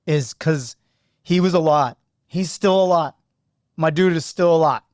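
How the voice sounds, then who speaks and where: A man hosting a podcast who coaches high school lacrosse, telling stories in an animated, earnest way. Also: measured pace, no echo, clean studio sound. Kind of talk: casual podcast storytelling.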